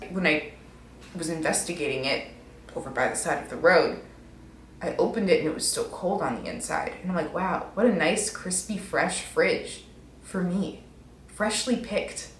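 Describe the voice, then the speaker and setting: A woman's voice: deep voice, echoey room, slight background noise. A young woman in her twenties telling stories on her vlog, rambling and poking fun at herself. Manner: rambling, self-mocking, many "like"s. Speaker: vlogger. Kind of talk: casual storytelling.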